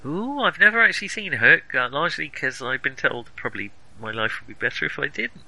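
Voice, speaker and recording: A middle-aged man co-hosting a casual film chat, animated and quick to laugh at himself. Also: medium pitch, creaky, low-quality recording. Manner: animated, laughs easily, self-deprecating. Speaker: podcast co-host.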